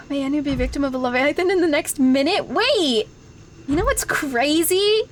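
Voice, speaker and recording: Female streamer, high and girlish, leisurely delivery, giggles through everything, faint background hiss. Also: lively intonation, normal speed. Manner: giggly, laughs constantly, bursts into shrieks. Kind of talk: casual live-stream gaming chat.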